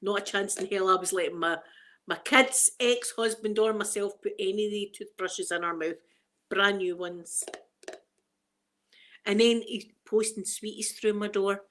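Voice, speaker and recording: A woman's voice: mid-range voice, a bit bright. Chatty Scottish woman, rambling livestream host. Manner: rambling, storytelling, quick to laugh. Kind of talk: casual livestream chat.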